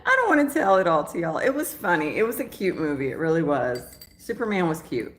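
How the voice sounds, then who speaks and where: Chatty woman, slightly low voice. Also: big pitch swings, a little fast. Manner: chatty and rambling, often laughing, talks to her cat. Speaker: travel vlogger. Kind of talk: casual morning chat to camera. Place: at home in the morning.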